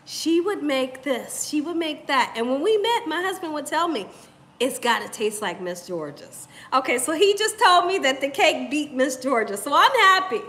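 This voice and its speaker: A woman's voice: high voice, animated, moderate pace, hardly any pauses, sharp tone, slight background noise. A middle-aged woman hosting a cooking channel, chatting casually on a livestream, laughing often and repeating herself for emphasis.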